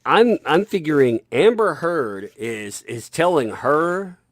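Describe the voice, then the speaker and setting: A man's voice: on the high side, lively intonation, slow, no room sound. Emphatic man ranting at home. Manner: emphatic, rambling with frequent restarts. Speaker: commentary channel host. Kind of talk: opinionated commentary vlog. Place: home with a basement.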